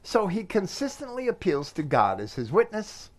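A man giving a scripture commentary, reading verses aloud with measured emphasis. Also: sits high, wildly swooping pitch. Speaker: Bible teacher.

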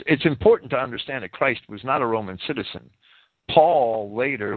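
A man delivers verse-by-verse scripture commentary in a lively, rising-and-falling voice. He talks deliberately and pauses to spell out words. The audio is thin and phone-like, with a dry, close sound. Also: fairly low pitch, slightly rough, no echo. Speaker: Bible commentator.

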